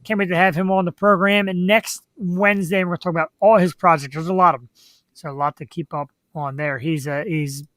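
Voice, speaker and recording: A man co-hosting a live web talk show, upbeat and chatty, reading out viewer shout-outs and upcoming guests. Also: high voice, fairly even intonation, a little fast, no echo. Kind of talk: casual live-show chat and announcements.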